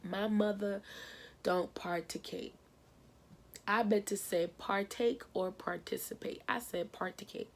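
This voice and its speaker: Animated woman telling a story, gravelly voice. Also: mid-range voice, unhurried. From New Jersey. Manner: animated, acts out dialogue in voices. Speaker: vlogger. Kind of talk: casual storytime.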